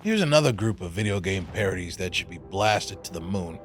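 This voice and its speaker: A man's voice: deep voice, animated, a little fast, faint music behind. A man co-hosting a let's play, firing off teasing questions in casual chat.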